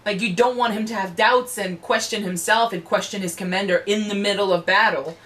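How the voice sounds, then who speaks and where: A woman hosting an anime reaction chat, animated, swearing freely and restarting her sentences. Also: medium pitch, a little fast, poor audio.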